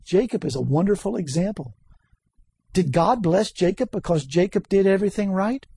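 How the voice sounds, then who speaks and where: A man preaching a sermon, animated and chuckling often, repeating key words and rising to sudden high exclamations. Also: normal speed, gravelly, husky, no echo.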